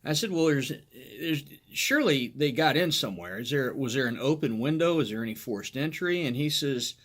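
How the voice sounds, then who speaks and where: A man's voice: mid-range voice, expressive, normal speed, hardly any pauses, a bit bright. A middle-aged man, a former police officer, telling a crude, funny anecdote in a casual way and often laughing as he goes.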